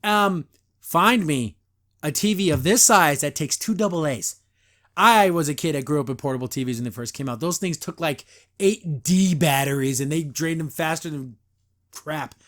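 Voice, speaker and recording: Middle-aged guy rambling through a cartoon review, highish voice, lots of ums and likes. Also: fairly bright tone. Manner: rambling, lots of "like" and "uh", quick put-on voices when recapping scenes. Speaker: podcast host reviewing a cartoon. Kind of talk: casual review chat.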